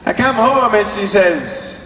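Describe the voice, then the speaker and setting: A man tells his life story from a stage, playful and acting out the dialogue. His voice sits high and moves unhurriedly. It is heard from far back in a big echoing hall with long reverb and faint noise. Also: lively intonation, slow pace. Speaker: motivational speaker. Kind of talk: comic storytelling speech. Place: large convention hall. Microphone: far camera in the audience.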